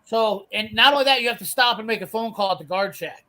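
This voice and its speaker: Brash high-voiced swearing storyteller. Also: male voice, fast talker, sharp tone. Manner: brash, swearing, acts out quoted lines. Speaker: storyteller on a live garage show. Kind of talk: casual profane storytelling.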